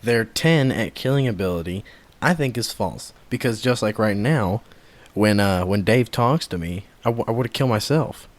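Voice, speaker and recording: A man's voice: fairly low pitch, animated, moderate pace, no echo. Teasing guy on a comedy podcast, voice jumps all over. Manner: playful, teasing, bursts of laughter. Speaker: podcast co-host. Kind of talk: casual comedic podcast chat.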